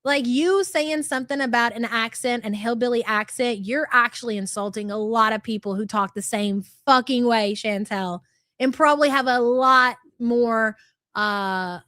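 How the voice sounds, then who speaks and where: A woman in her thirties with a light country twang hosts a livestream. She reads out viewer chats in a high, brash, sarcastic and profane way. Her voice sounds dry and close, with no room around it. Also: moderate pace, a bit bright, no echo. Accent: light American country twang. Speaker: livestream host.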